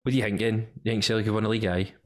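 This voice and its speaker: Very deep-voiced Scottish man. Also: rapid-fire. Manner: excitable, slangy, calls people mate. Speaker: podcast co-host. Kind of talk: casual chat about football.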